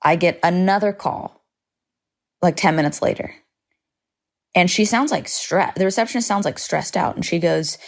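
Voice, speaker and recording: Gravelly, low-voiced woman telling a story. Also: normal speed, long pauses. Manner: chatty, heavy on "like" fillers, swears freely; vivid, dramatic retelling. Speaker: podcast host. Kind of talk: casual storytelling monologue.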